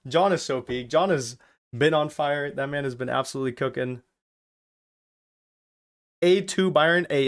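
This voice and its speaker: A man's voice: fairly high pitch, clean tone. A man from Germany hosting a casual live watch-along stream, joking around and teasing the viewers as he reads their chat messages aloud. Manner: jokey, reads out and teases chat.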